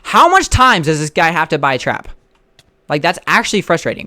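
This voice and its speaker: A man's voice: a little high, sing-song, fairly quick, bright, forceful tone, no room sound. A young man casually telling a rambling story while playing a game and reacting to it. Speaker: gaming storyteller. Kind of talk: casual storytime over gameplay.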